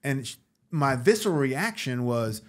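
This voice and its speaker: A man guest on a podcast, telling stories in a casual, animated way, acting out the voices of the people in them. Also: medium pitch, measured pace. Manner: animated, acts out voices in anecdotes. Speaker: guest actor. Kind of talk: casual storytelling interview.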